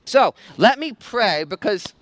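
A man with a high voice preaches a sermon, retelling the story in a loose, conversational way and tossing in quick asides to his listeners. The sound is dry and close, with no room echo. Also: lively intonation, fairly bright tone. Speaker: pastor. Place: outdoors in the sun.

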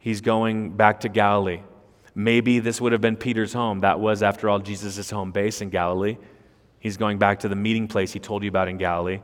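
A man's voice: fairly low pitch, flat delivery, fairly quick. Emphatic male preacher in a reverberant hall. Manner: emphatic, with rhetorical questions and repeated words. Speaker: pastor. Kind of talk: expository sermon. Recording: long reverb of a large hall.

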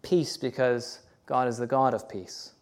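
A man preaching a sermon earnestly, often pausing with "uh" between points. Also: mid-range voice, steady tone, darkish tone. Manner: earnest preaching with many uh fillers. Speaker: pastor.

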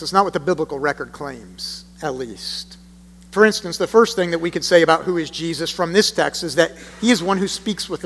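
A man preaching a sermon, reading scripture aloud and then explaining it in an earnest, emphatic way with deliberate pauses. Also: on the high side, a bit bright. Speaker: pastor. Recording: long reverb of a large hall.

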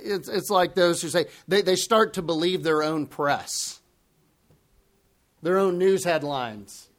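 A male pastor delivers a sermon at an unhurried pace. His voice sits somewhat high for a man, and he swings between quiet, hushed lines and raised emphasis, now and then acting out the voices he quotes. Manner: earnest preacher who acts out quoted voices, swings from hushed to loud. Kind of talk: expository sermon.

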